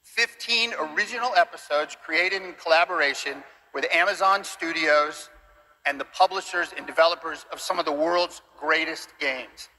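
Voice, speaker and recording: An earnest man presents his studio's new series from a big event stage, his voice very bright and fairly high. He is openly emotional, a little choked up, with faint hall ambience around him. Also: moderate pace, slight background noise.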